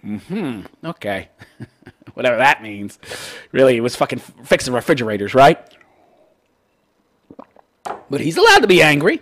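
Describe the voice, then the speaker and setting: A man's voice: mid-range voice, sing-song, brisk, fairly bright tone. A man hosting a commentary show, ranting sarcastically and profanely about a listener's letter. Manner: profane and sarcastic, repeats "wait, wait". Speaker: host of a call-in commentary show.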